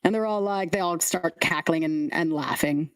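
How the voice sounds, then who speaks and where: A woman's voice: on the low side, moderate pace, smooth. A woman narrating as game master, playful and theatrical.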